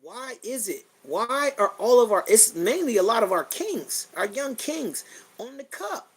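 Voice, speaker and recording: A man's voice: extremely high pitch, sing-song, measured pace, breathy edge, poor audio. A middle-aged man hosting a podcast, speaking bluntly and emotionally in a personal monologue, swearing freely and repeating his phrases. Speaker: podcast host.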